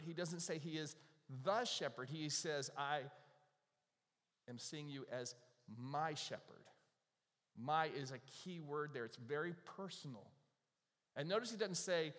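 A pastor giving an animated, conversational sermon, restarting words as he goes. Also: medium pitch. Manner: animated, conversational preaching with repeated starts. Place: church sanctuary. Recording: echoey hall reverb.

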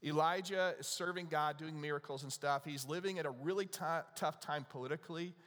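A man's voice: fairly high pitch, a little fast, fairly bright tone, long reverb tail. A man preaching a sermon to a congregation, talking to them in a conversational way and asking them questions. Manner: conversational, asks the audience questions. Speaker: pastor.

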